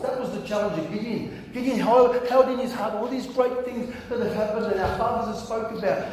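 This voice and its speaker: A pastor preaching a sermon in a lively, conversational way, often repeating words as he goes. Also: high voice, fairly quick, few pauses, a little hiss or hum. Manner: animated, conversational, repeats words and acts out quotes. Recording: echoey hall with long reverb.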